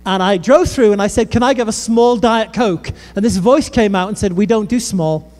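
A man's voice: sits high, normal speed. A British man preaching a sermon, telling funny stories and speaking straight to the crowd. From Britain. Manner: lively storytelling with humor and asides to the crowd. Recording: long reverb of a large hall.

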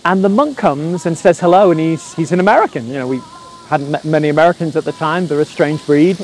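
A man, preaching through a personal story in a lively way and acting out the quotes. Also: a little high, a little fast, rough recording. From England. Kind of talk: storytelling sermon.

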